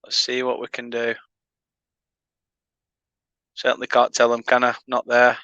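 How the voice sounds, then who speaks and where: During a casual football watchalong, a northern English fan channel host banters with viewers and laughs between comments on the play. His mid-range voice is completely flat, a little slow, and pushed and bright, recorded dull with no room sound.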